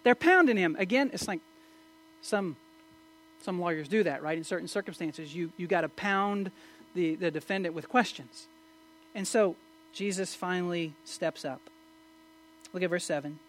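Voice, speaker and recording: A man preaching a sermon, swinging from loud emphatic questions to low, quiet asides. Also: normal speed, pauses often. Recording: mains hum in the background.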